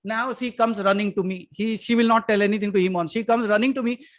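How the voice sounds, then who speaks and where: A man with an Indian English accent giving a spiritual satsang talk, emphatic, moving from loud to hushed and putting questions straight to his listeners. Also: sits high, fairly even intonation, quick pace. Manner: addresses listeners directly with questions. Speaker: spiritual teacher. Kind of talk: satsang talk to a live audience.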